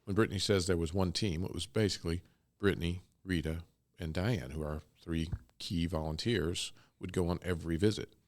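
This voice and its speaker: A man's voice: low-pitched, a little fast, few pauses. A man being interviewed as co-founder of a ministry, talking in a rambling, enthusiastic way with laughs. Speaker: guest, co-founder of a bunny ministry. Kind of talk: casual interview talk.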